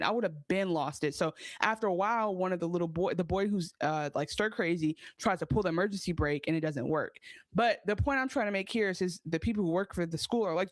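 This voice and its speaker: A woman co-hosting a podcast, recapping a TV episode in casual chat. She talks in an animated way, swears, and acts out her own reactions. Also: fairly low pitch, a little fast, dry recording. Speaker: podcast co-host.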